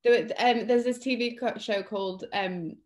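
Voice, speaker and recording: A woman's voice: on the high side, moderate pace, a little mellow. A young British woman from England, a guest chatting casually in an interview with plenty of fillers and restarts.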